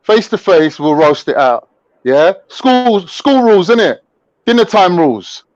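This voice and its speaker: A man fires off boastful, combative slang in casual online banter. His voice sits high. The sound is dry and a little dull. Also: sing-song, measured pace, no echo. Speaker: show regular.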